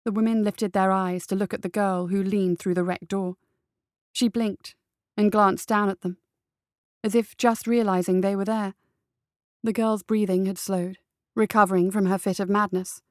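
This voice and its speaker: A woman reading a dark adventure story aloud as its narrator, with a steady, even storytelling delivery. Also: mid-range voice, moderate pace, no echo, clean studio sound.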